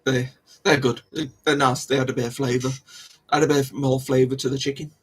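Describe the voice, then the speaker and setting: A man hosting a livestream chats casually with live viewers in a rambling way, laughing often and repeating himself. His mid-range voice has little pitch movement and a breathy edge, and he speaks fairly quickly.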